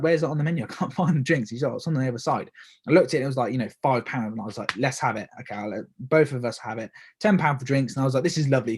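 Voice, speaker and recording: A young man from the UK talks fast through his solo podcast. His voice is husky and a little rough, and he rambles, stopping to correct himself and filling gaps with "um" and "okay". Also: medium pitch, darkish tone. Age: young adult. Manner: rambling, with many fillers and self-corrections. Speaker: podcast host. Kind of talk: casual solo podcast talk.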